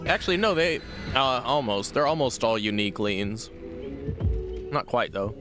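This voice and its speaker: A man casually commenting on his gameplay as a streamer, playful and quick to laugh, swearing now and then at the game. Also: mid-range voice, animated, over music.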